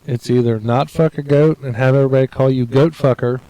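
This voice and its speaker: A young man co-hosting a radio talk show, answering crude questions bluntly, swearing freely and thinking out loud. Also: medium pitch, steady tone, fairly quick, no echo, poor audio. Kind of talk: casual crude banter.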